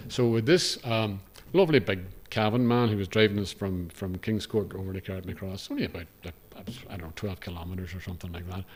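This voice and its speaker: A man's voice: fairly low pitch, darkish tone. An older man with a Northern Irish accent, giving a humorous, rambling talk to a live audience in a hotel function room, full of asides and self-deprecating remarks. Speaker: guest speaker, broadcaster.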